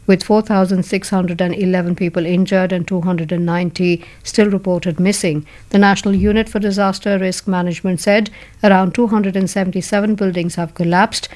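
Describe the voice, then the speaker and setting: A woman's voice: medium pitch, a little mellow. Woman reading a news bulletin. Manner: formal, measured bulletin delivery. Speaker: newsreader.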